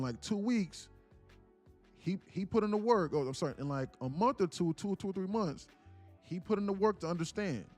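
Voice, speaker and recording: A man with a slightly high, somewhat mellow voice hosts a live trading stream and mentors his viewers. His casual stream talk rambles along in slang, with many restarts.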